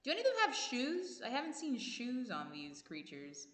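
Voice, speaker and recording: A woman's voice: a little high, huge pitch swings, normal speed, fairly bright tone. Bubbly giggly woman co-hosting. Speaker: co-host. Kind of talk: livestream community chat.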